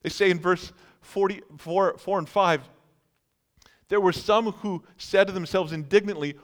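A man's voice: high voice, steady tone, unhurried. A man preaching a sermon, telling vivid stories and acting out incredulous reactions. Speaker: pastor.

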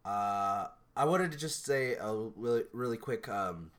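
A young man co-hosting a podcast in casual chat, talking in an animated, rambling way with many restarts. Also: mid-range voice, a little slow, crowd noise. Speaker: podcast co-host.

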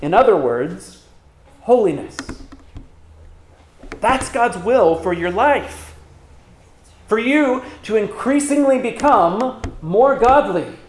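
A man's voice: sits high, expressive, takes it slowly, long pauses, echoey room, slight background noise. A man pastor preaching a sermon, asking rhetorical questions and reading scripture aloud with emphasis.

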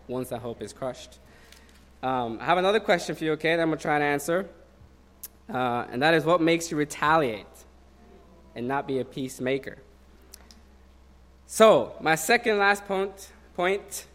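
A male preacher in his thirties talking through a sermon like a conversation. His voice sits a little high, and he tells personal stories loosely, with plenty of "you know" along the way. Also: a bit bright. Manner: conversational, personal storytelling with many fillers.

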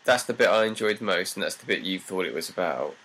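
Deep gravelly man, dry laid-back chat. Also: animated, fast, a bit bright. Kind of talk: casual chat.

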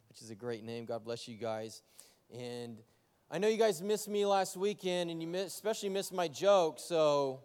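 A man preaching a sermon as pastor, joking and energetic, talking straight to his congregation. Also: fairly high pitch, clean tone. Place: church sanctuary. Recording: long church hall reverb.

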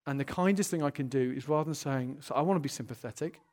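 A middle-aged man preaching a sermon, lively and animated, moving from playful asides to hushed, earnest appeals. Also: medium pitch, fast talker.

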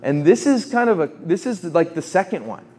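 A man's voice: sits high, sing-song, a little mellow. Young man giving a casual faith talk. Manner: conversational, quick asides, acts out quotes. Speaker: campus ministry speaker. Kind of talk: informal faith talk to students.

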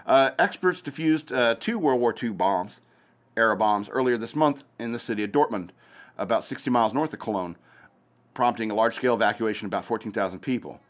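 A man's voice: on the low side, a little fast. A man hosting a casual news commentary show, reading headlines aloud with hesitant fillers and breaking off into sarcastic asides. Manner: hesitant, many fillers and restarts while reading.

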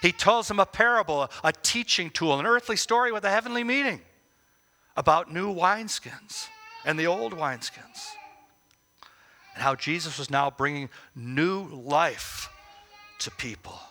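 A man giving devotional Bible teaching, emphatic, with rhetorical questions and slow, stressed phrases. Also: fairly high pitch, expressive, sharp tone. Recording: long reverb as in a hall.

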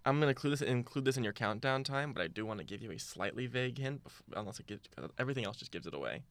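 A young man hosting a casual movie trivia game, reading questions slowly and deliberately. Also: medium pitch, animated, a bit bright, dry recording. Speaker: quiz host.

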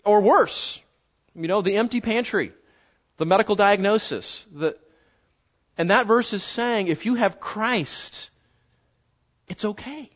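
A man preaching a sermon in a conversational, animated way, slowing down to stress key words. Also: high-pitched. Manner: conversational, animated, slows down for emphasis. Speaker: pastor. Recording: dull lo-fi sound.

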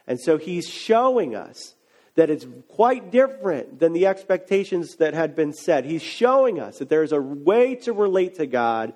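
A man with a notably high voice gives a relaxed, conversational sermon as a pastor. He talks like he's chatting with friends, then leans into short, emphatic questions and answers. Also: moderate pace. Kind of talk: casual sermon.

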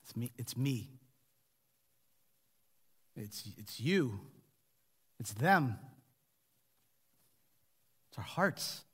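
A male pastor with an American accent preaching a sermon, animated, sometimes dropping to a near whisper. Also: medium pitch, extremely slow, long pauses, breathy edge, long reverb tail.

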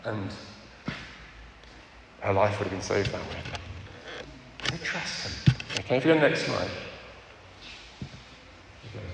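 An earnest man delivers a candid sermon, often pausing to check in with his listeners. His mid-pitched voice rings through a large hall with a long, echoing tail. A steady hum of noise sits underneath. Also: gravelly. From England. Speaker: preacher. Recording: echoey hall with background noise.

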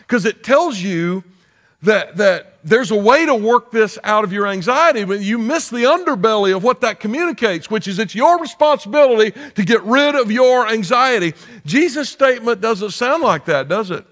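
High-voiced man preaching a sermon. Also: a bit bright. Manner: conversational preaching, asks the audience questions. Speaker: pastor.

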